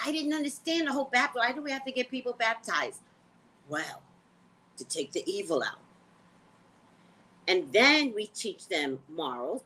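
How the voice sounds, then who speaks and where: A woman hosting a casual livestream, talking to her viewers in a blunt, profane, animated way. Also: mid-range voice, low-quality recording. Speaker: psychic reader and livestream host.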